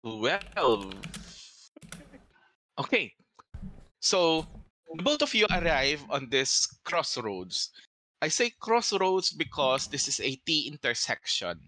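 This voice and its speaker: A man narrating a tabletop game as game master, in a measured, descriptive way. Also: fairly high pitch, sing-song, pushed and bright, no echo.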